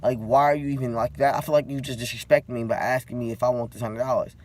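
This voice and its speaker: A man's voice: mid-range voice, fairly even intonation, fast talker, darkish tone. A man in a tired, casual vlog rant, talking bluntly and cursing freely as he vents. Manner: blunt, profane, venting. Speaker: vlogger.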